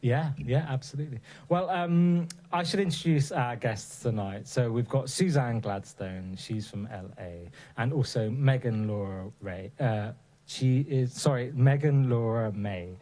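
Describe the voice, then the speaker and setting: A man's voice: medium pitch, a little slow, mellow. A man with a mid-range voice hosts a casual live stream. He talks easily and laughs readily. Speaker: co-host.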